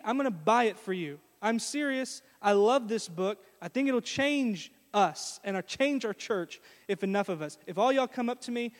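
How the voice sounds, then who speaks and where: A man preaching a sermon in a church, telling a story in an animated way and speaking straight to the congregation. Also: high-pitched. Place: church sanctuary. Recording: long reverb of a church hall.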